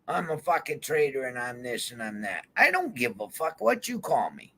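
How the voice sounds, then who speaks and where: A man's voice: mid-range voice, huge pitch swings, moderate pace, pushed and bright, breathy edge. A man on a vlog in a heated, swear-filled rant, calling people out directly. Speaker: YouTube vlogger. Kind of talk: angry profane rant to camera. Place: van.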